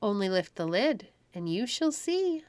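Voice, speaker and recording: A woman's voice: medium pitch, sing-song, unhurried, a little mellow, no echo. Hope, a woman doing a sweet little fairy. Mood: coaxing. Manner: sweet, arch, coaxing. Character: cheerful tiny winged female fairy, Hope. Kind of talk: storybook read-aloud.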